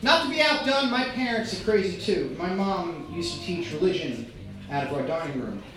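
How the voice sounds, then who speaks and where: A stand-up comedian telling a wry, animated story to an audience, with frequent ums and uhs. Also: medium pitch, normal speed, noisy background. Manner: animated, wry, uses many um and uh. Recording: echoey room, far-off mic, faint ambience.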